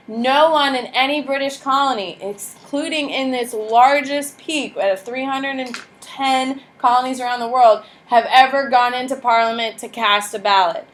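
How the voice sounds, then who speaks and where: A woman teacher with a fairly high voice gives a history lecture in a classroom. She talks bluntly and with lively energy, firing rhetorical questions at her class. A faint noise sits under her voice. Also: normal speed. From United States.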